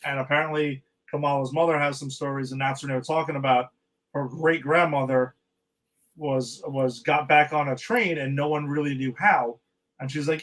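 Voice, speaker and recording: A man's voice: on the high side, steady tone, normal speed, fairly bright tone, rough recording. A man co-hosting a podcast, casually recapping TV episodes and retelling scenes in a rambling way. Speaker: podcast co-host.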